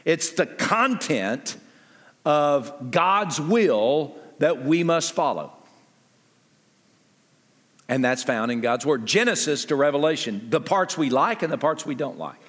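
Male pastor preaching, chatty and animated, jumps up in pitch a lot, big echoey church. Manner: conversational and animated, with jumps in pitch and quick asides. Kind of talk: sermon.

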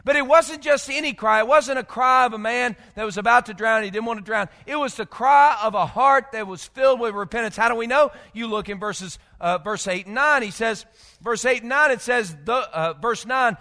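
A male pastor delivering a sermon in a very high, bright, piercing voice. He moves between loud emphatic bursts and low, quiet stretches, often stuttering over repeated words. The sound carries a long hall reverb. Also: normal speed. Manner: repeats words when gathering thoughts.

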